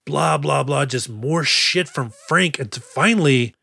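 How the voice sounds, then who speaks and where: A man's voice: a little high, unhurried, gravelly, pushed and bright, husky, no echo, studio quality. Joking, profane male podcast co-host. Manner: joking, profane, recaps film scenes. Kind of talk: casual chat.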